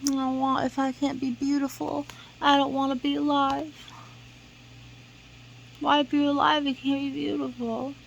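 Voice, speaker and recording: High-voiced woman rambling dreamily. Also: level tone, moderate pace, vocal fry, long pauses, dull audio, slight background noise. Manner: dreamy, emotional, drifts into half-whispered singing. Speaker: vlogger. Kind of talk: casual rambling vlog storytelling.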